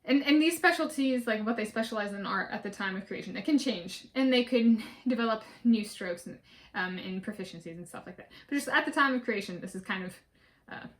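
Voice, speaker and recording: A woman vlogger talking casually and methodically through a list, with many fillers and restarts. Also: a little high. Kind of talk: casual spoken list walkthrough.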